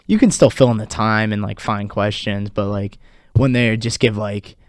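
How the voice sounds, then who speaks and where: A man's voice: fairly low pitch, moderate pace, clean tone, no echo, studio quality. Laid-back young man chatting on college radio. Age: young adult. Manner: relaxed, filler-heavy, laughs often. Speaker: co-host. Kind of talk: casual chat.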